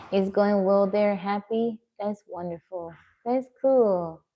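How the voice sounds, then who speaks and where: Through a muffled recording, a medium-pitched woman streams live from her home, responding to viewer comments one by one in a casual chat.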